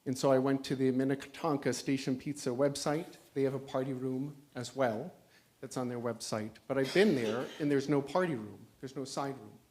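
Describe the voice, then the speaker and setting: A man's voice: mid-range voice, moderate pace, darkish tone. A man resident giving detailed, explanatory public comment at a council meeting through a handheld microphone.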